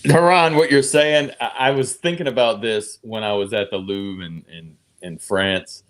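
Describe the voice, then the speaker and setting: A man's voice: on the low side, moderate pace, a bit bright. A man panelist in a casual chat, telling stories and chuckling as he talks. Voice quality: anecdotal, chuckles while talking.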